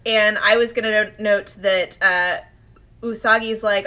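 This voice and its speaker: Female co-host with a bright voice, chatty and animated, acting out quotes while recapping. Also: medium pitch. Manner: animated, acts out characters' lines in quick quotes. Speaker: podcast co-host. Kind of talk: casual chat recapping an episode.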